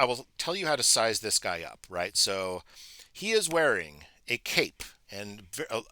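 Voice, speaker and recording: A man's voice: fairly low pitch, sharp tone. A man narrating as game master of a tabletop game, chatty and full of restarts. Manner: chatty, with frequent restarts and filler.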